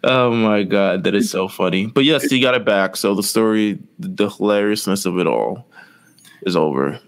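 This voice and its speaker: A man's voice: on the low side, normal speed. A man co-hosting a wrestling podcast in casual chat, rambling and filling with "like" and "you know". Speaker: podcast co-host.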